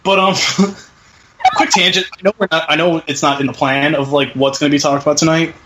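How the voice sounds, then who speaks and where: A man's voice: on the high side, fairly even intonation, fairly quick, noisy background. A man co-hosting a podcast in casual chat, rambling, swearing and laughing between thoughts. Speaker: podcast co-host.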